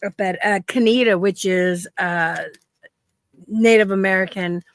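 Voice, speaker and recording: A woman's voice: mid-range voice, fairly even intonation, measured pace. A woman in her fifties, co-hosting a stream and telling rambling stories with frequent laughs. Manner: rambling storyteller, laughs often. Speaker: stream co-host. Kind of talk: casual chat.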